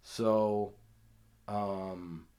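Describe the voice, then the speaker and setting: A man hosting a podcast, telling rambling, profane stories in casual talk and loudly acting out what others said. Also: fairly low pitch, steady tone, extremely slow. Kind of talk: casual storytelling.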